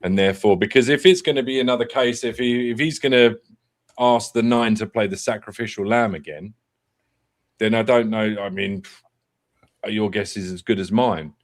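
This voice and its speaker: A man hosting a casual football fan show, thinking aloud in quick strings of questions. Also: fairly low pitch.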